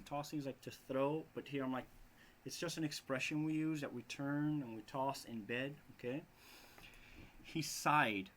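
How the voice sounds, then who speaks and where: A man's voice: medium pitch, unhurried, a little hiss or hum. A man with a Brazilian Portuguese accent, an English teacher reading a story aloud and stopping to explain words. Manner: relaxed, explains words as he goes.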